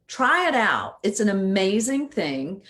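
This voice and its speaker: A woman's voice: medium pitch, very animated, measured pace, fairly bright tone. Woman coach explaining stuff casually, voice bounces up and down a lot, keeps asking "right?". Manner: conversational, often asks "right?". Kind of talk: casual instructional talk.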